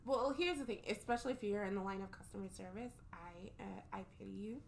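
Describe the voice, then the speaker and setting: A woman's voice: medium pitch, fast, gravelly. A woman guesting on a podcast, chatting casually in a playful, upbeat way. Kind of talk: casual chat.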